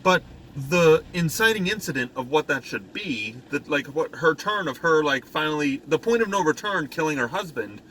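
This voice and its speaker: A man with a high, bright, cutting voice co-hosts a casual podcast, sounding exasperated as he mocks a film and acts out its scenes in quick put-on voices. A faint hiss of noise sits under the recording. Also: expressive, low-quality recording. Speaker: podcast co-host. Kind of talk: casual movie review chat.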